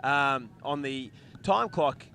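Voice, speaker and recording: A man giving live race commentary in a measured way with frequent fillers. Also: medium pitch, lively intonation, pushed and bright, a little hiss or hum.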